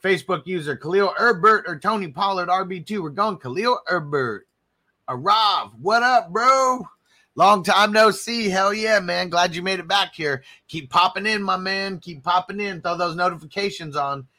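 Bright hyped dude on a live stream, kinda high voice, chill banter with chat. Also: male voice, normal speed. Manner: hyped, shout-outs to viewers, relaxed banter. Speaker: livestream host.

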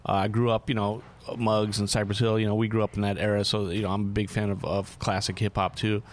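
A man in his forties, a guest artist, telling stories in a profane, rambling, animated way. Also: fairly low pitch, fast. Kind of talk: casual storytelling.

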